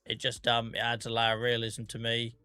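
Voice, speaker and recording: Chatty Norfolk man, bright voice. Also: mid-range voice, completely flat delivery, fairly quick, clear, resonant tone. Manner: chatty, self-deprecating, mutters to himself. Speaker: streamer. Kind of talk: casual gameplay commentary. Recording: faint music in the background.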